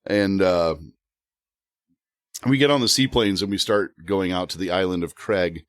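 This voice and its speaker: A man telling a funny story as a podcast guest, animated and often laughing. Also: low-pitched, unhurried, smooth, no room sound, clean studio sound. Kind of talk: casual storytelling.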